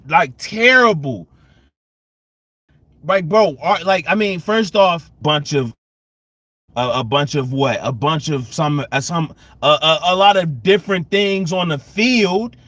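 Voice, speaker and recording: High-pitched ranting man, slow drawl. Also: lively intonation, no echo. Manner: exasperated, repeats himself, swings from loud to muttering. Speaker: sports fan channel host. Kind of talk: live-stream rant.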